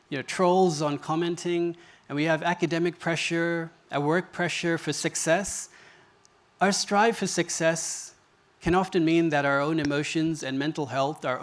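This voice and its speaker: A man giving a stage talk, telling a story with quoted dialogue in an earnest way. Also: a little high. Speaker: speaker. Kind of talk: public talk. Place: stage before an audience.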